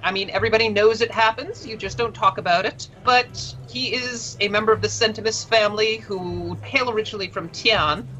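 A woman's voice: medium pitch, fairly even intonation, a little fast, few pauses, bright, forceful tone, muffled recording, soft background music. A woman running a tabletop role-playing game, narrating scenes in a casual, chatty way with fillers and laughs. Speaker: game master.

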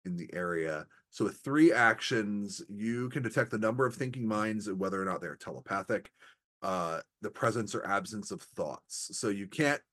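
A man narrates a tabletop game as game master, relaxed and easygoing. His pitch moves around a lot as he describes the scene and explains the rules. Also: normal speed.

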